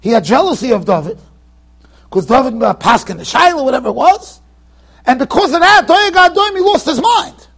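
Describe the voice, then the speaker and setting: A man with a Yeshivish American accent giving a lively Torah lecture in a yeshiva study hall, acting out his examples with sudden shouts. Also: extremely high pitch, moderate pace, vocal fry. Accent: American Orthodox Jewish, Yeshivish. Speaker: rabbi giving a Torah class.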